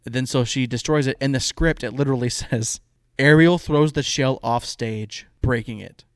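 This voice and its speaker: A man co-hosting a podcast in a relaxed, chatty way, with a voice of ordinary pitch. He retells a story with lively quoted asides. The sound is dry and close, with no room around it. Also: moderate pace, dry recording. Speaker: podcast co-host. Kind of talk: casual chat.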